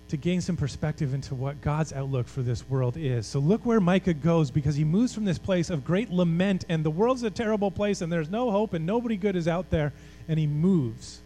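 A man's voice: fairly high pitch, dark tone, rough recording. A male pastor giving a sermon in an emphatic, conversational way, asking the congregation questions.

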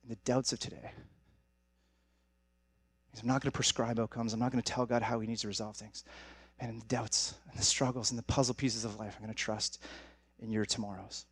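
Young pastor, male, chatty and direct with the congregation, talks fast, dry close mic. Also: mid-range voice, flat delivery, slightly rough, no room sound. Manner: conversational, direct, addresses audience as guys. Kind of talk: sermon.

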